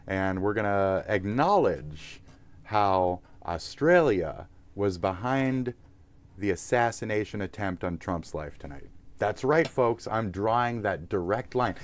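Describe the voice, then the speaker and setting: A man with a fairly low voice rants through a livestream as its host. He swears constantly and mocks his targets. His talk rambles from point to point. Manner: profane, mocking, rambling. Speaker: live streamer. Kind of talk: livestream rant.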